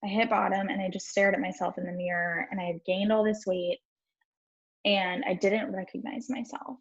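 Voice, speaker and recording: Talking to her live-stream audience, a young woman life coach recounts her own story bluntly, with casual swearing. Her voice is medium-pitched and steady at a moderate pace, and the audio is dull and lo-fi.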